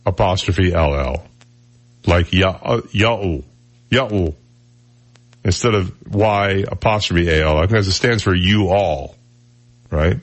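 A man from Michigan hosting a casual radio talk show, chatty and joking with lots of fillers. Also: low-pitched.

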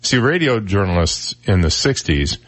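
A man in his sixties with a deep baritone voice, hosting a morning radio talk show and telling stories at a relaxed pace with plenty of fillers. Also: moderate pace. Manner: relaxed storytelling with frequent fillers. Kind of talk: casual morning radio chat. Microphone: studio broadcast mic.

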